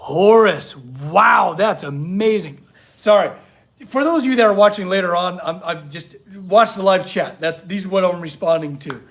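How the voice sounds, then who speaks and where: A man hosting a casual livestream from his workshop, earnest and emotional as he gushes and reacts to the chat. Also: sits high. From California. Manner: earnest, emotional, gushing, reads chat aloud. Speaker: livestream host, blacksmith artist.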